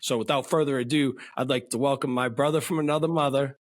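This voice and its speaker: A man's voice: mid-range voice, steady tone, quick pace. A middle-aged man with a New England accent hosting a podcast interview, upbeat and folksy, calling his guest "brother". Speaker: podcast host. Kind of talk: casual interview chat.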